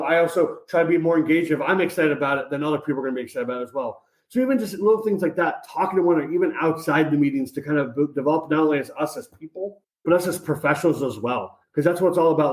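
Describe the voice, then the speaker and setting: A man chatting as a podcast guest, telling stories in an energetic, upbeat way with lots of fillers. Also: on the high side, rapid-fire, hardly any pauses. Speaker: podcast guest, college advisor. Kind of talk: casual interview chat. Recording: roomy echoey sound.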